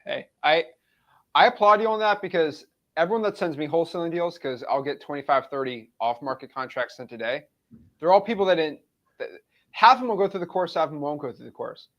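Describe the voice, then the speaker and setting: A man's voice: on the high side, lively intonation, a little fast, a bit bright. Man hosting casual chat, muffled sound. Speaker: show host.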